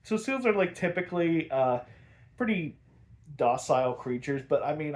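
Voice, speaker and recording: A man with a fairly high voice talks through a cartoon episode in a loose, chatty recap. His speech is full of fillers, and he laughs easily as he goes. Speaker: podcast host.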